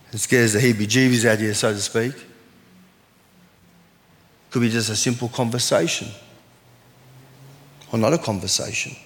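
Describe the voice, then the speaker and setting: A man's voice: medium pitch, a bit bright. A man, a pastor preaching an earnest sermon and reading scripture aloud. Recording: long hall reverb.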